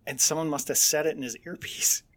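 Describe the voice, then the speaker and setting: A man's voice: on the high side, steady tone, brisk. Joking middle-aged male podcast co-host. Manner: joking, mocking, laughs often. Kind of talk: casual irreverent banter.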